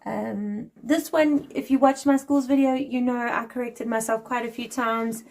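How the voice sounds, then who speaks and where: A woman's voice: fairly high pitch, fairly even intonation, a little slow, a little mellow. A woman in her forties from South Africa with a South African accent, explaining things in a friendly, chatty vlog and laughing lightly now and then. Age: 40s. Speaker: vlogger.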